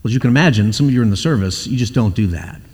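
A man's voice: lowish voice, animated, very fast, a little mellow, husky, long reverb tail. A male pastor preaching a sermon, telling stories and acting out the quoted voices in them.

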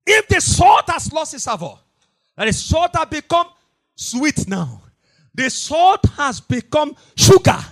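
A middle-aged man preaching a fiery sermon. He repeats his lines, swings from hushed to shouting in a sing-song cadence, and bursts into tongues. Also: extremely high pitch, very animated, measured pace.

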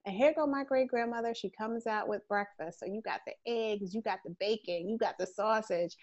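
A woman host chatting casually, telling a story with lively, acted-out quotes. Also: on the high side, moderate pace, lo-fi sound. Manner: animated storyteller who acts out quoted voices.

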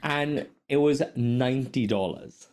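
Speaking at a measured pace in a mid-range voice, a man hosts a casual podcast. He tells animated stories, swears constantly, and laughs a lot.

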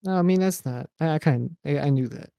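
A man's voice: fairly high pitch, quick pace, creaky, dark tone, no room sound. Sarcastic, cursing young man co-hosting. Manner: sarcastic, jokey, swears freely. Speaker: podcast co-host. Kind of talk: casual wrestling chat. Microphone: microphone and headphones.

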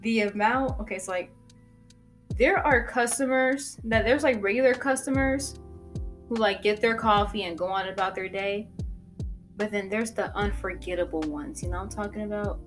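Woman host, casual storyteller, chatty, laughs easily, mid-pitched voice. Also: normal speed, soft background music. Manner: chatty, laughs often, lots of "like" and "you know". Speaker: podcast host and coffee shop worker.

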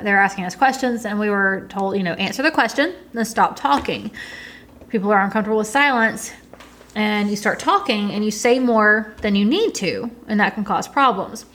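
A woman with a Southern US accent co-hosting a podcast, telling stories in casual chat with quick asides. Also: mid-range voice, a bit bright. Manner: chatty, storytelling, quick asides. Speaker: podcast co-host.

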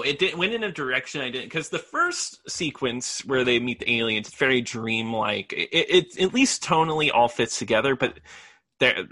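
A man with a very bright, sharp voice chats eagerly about a movie as a podcast co-host. His reactions are animated, and the sound is dry and close, with no room around it. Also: medium pitch, no echo. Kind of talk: casual movie review chat.

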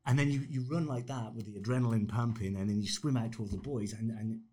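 Lively man in his fifties telling stories. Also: on the low side, quick pace. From Ireland. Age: 50s. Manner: animated storyteller, acts out quotes in raised voices, laughs often. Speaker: podcast guest. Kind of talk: casual storytelling interview.

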